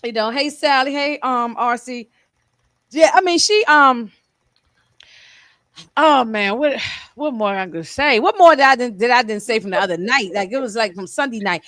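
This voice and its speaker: A woman's voice: fairly high pitch, normal speed, fairly bright tone, dry recording, studio quality. A woman co-hosting a casual podcast chat, rambling with many fillers and restarts. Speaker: co-host.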